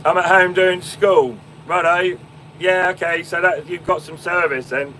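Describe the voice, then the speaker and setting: Sitting in a tractor cab in a field, a young man with an English Fenland accent chats on a phone live stream, answering viewers and calling them mate and my man amid lots of ums and restarts. His voice sits high and bright with a forceful tone, fairly even intonation and an unhurried delivery. The low-quality recording has a little hiss or hum.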